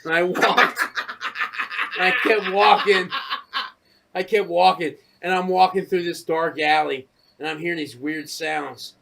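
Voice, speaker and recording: A man co-hosting a podcast, telling a casual story full of profanity and acting out his own shouted lines. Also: high voice, measured pace, gravelly, a little hiss or hum. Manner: profane, animated, acts out shouted quotes. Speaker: podcast co-host.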